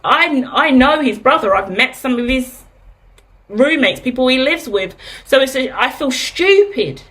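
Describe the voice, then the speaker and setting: Woman, thirties, tarot reader, candid and chatty, rhetorical questions, fairly high voice. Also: lively intonation, unhurried, fairly bright tone. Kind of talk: casual tarot reading monologue.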